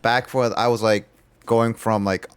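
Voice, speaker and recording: A man's voice: on the low side, fairly even intonation, a little slow, clean tone, no echo. A young man streaming a game, rambling through his play and telling a long story with many fillers and restarts. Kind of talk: casual gameplay commentary and storytelling.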